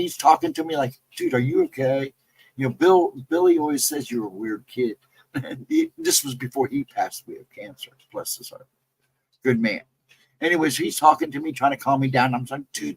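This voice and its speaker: A man casually telling a personal encounter story, rambling and jumping sharply higher in pitch when he quotes himself. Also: creaky, slightly rough, dry recording, low-quality recording. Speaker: guest storyteller.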